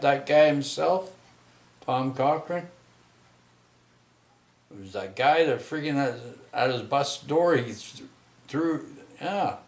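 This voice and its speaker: A middle-aged man, rambling through a personal story with many halting restarts and tag questions. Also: medium pitch, roomy sound. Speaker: vlogger telling a personal story.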